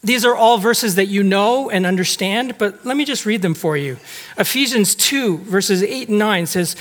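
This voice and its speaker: A man with a high voice delivers a sermon, talking to his congregation in a conversational way and often asking them rhetorical questions. His voice rings out with a long hall reverb around it, as if he were in a large church. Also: moderate pace, fairly bright tone. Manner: acts out quoted speech with shifting tone. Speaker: preacher.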